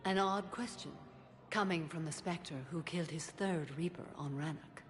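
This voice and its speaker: An actress playing a stern, solemn alien warrior woman who speaks in a calm, formal, restrained way. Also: fairly low pitch, normal speed, lightly acted.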